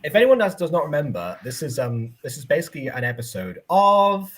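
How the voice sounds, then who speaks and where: A man's voice: fairly high pitch, sing-song, a little fast, fairly bright tone. A man hosting a live online review chat on a computer mic, chatty and self-deprecating, thinking aloud as he sets things up. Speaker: livestream host. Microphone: computer mic on a voice call.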